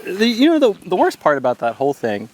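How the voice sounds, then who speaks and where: A man's voice: a little high, huge pitch swings, fast, darkish tone. A young man from western Pennsylvania hosting a podcast, chatting casually with a friend, laughing a lot and swearing casually. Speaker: podcast host. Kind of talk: casual chat. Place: outdoors around a campfire at night.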